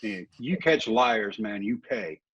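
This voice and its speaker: Husky middle-aged man telling stories. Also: lowish voice, slow pace, highs cut off. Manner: animated anecdotes, acting out other people's lines. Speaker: guest, former ballplayer and motivational speaker. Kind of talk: casual storytelling in a podcast interview.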